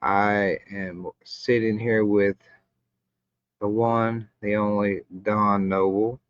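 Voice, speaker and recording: Over muffled, lo-fi stream audio, a man hosts a casual live chat in a relaxed, wandering way. His voice is lowish and level, and he speaks slowly.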